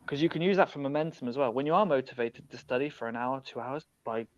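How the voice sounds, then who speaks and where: A British man, a podcast guest, talking in a lively, animated way over a remote call. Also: mid-range voice, quick pace, no room sound. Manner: animated, acts out learners' inner voices. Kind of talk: casual chat. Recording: dull lo-fi call audio.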